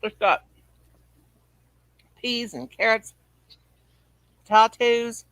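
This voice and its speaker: Woman, livestream host, chatty, teasing, bright tone, higher voice. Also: very slow, no room sound, rough recording. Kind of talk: casual livestream chat.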